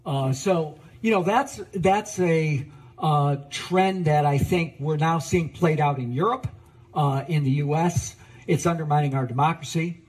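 A man's voice: on the high side, measured pace, darkish tone, husky. A man answering in a television interview, hesitant, with many fillers.

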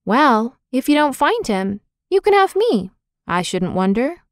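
A woman's voice: on the high side, animated, a little slow, clean tone, no echo, clean studio sound, pitched above the performer's own voice. A woman doing a cheerful trusting little boy. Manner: bright, friendly, openly affectionate.

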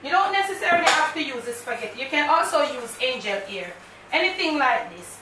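Bright, chatty Jamaican woman in an echoey kitchen. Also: sits high, very animated, brisk, distant mic, a little hiss or hum. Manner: chatty and direct, mixing in patois. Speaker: cooking channel host. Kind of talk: casual cooking vlog. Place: home kitchen.

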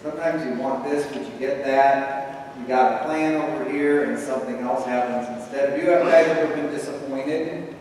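A man's voice: medium pitch, fairly even intonation, moderate pace, a little mellow, slight background noise. A man giving a playful children's message in church, chatting and asking the kids questions. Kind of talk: children's sermon. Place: church sanctuary. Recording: echoey church hall from far off.

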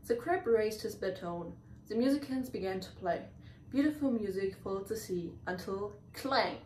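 Reading a children's storybook aloud at normal speed, this woman now and then trips over words and starts them again. Her voice is mid-range and a little mellow. The recording is echoey and distant from the mic, with a faint hiss.

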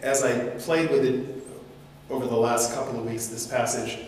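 A man's voice: mid-range voice, fairly even intonation, normal speed, darkish tone, a little hiss or hum. A man preaching a sermon as pastor, telling the story with animation and slipping into voices, recorded in a church with heavy echo. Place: church sanctuary. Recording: echoey hall reverb.

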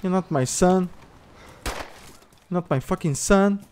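His high voice is a little mellow and he takes his time, with slight background noise behind him. The man, a Brazilian Portuguese-accented gamer streamer, directs others and mocks players in gameplay voice chat while swearing and laughing.

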